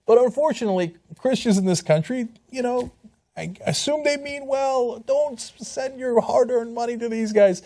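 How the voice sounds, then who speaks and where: A man's voice: high voice, animated, normal speed, darkish tone. Incredulous, mocking male commentator. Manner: incredulous, mocking, laughing asides. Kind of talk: sarcastic commentary on video clips.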